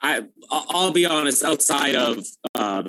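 A man co-hosting a casual sports chat, talking in a relaxed, candid way. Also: on the high side, unhurried, rough recording. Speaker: podcast co-host.

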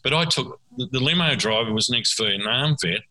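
A man's voice: medium pitch, expressive, fairly quick, sharp tone, rough recording. An Australian man telling rambling anecdotes in casual chat, often repeating words as he goes. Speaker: guest storyteller.

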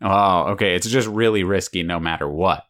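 Very deep-voiced woman interviewer. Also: moderate pace. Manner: patient, checks understanding by restating answers. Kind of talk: casual interview with a child.

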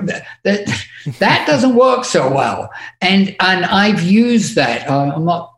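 A man's voice: high voice, expressive, vocal fry, a bit bright, roomy sound. A man with an English accent, a podcast guest telling candid stories in casual chat. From England. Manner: candid, quick storytelling with laughs. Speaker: guest, tour manager.

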